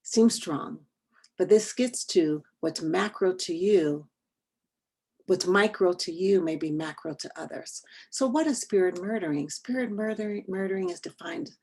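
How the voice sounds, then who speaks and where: Gravelly, husky woman leading a training. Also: lowish voice. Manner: earnest, deliberate, trails into a soft near-whisper at the end of points. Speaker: workshop trainer. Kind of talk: online training presentation.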